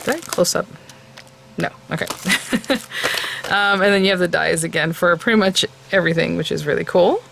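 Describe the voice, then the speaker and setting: A woman's voice: on the low side, moderate pace, creaky, a bit bright. A woman hosting a casual crafting unboxing, chatty and gushing, with many fillers. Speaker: crafting channel host. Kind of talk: casual product unboxing chat.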